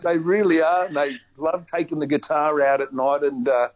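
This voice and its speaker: An Australian man chatting on the radio, with a slightly high voice that keeps restarting its sentences in lively bursts. The sound is dull and lo-fi. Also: moderate pace. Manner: chatty and animated, with many restarts. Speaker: guest. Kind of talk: casual radio chat.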